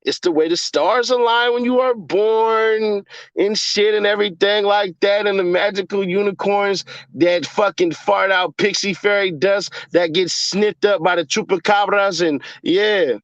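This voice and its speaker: A young man chatting casually on a livestream and reading his chat aloud, cursing, laughing often, and jumping from mumbling to yelling. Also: sits high, steady tone, measured pace, dry recording. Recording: dull lo-fi dry sound.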